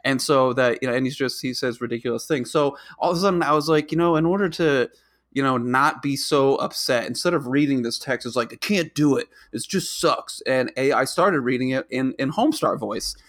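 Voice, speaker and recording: Man, podcast co-host, casual chat, rambling, mid-pitched voice. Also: fairly quick, a bit bright. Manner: rambling, full of fillers and restarts.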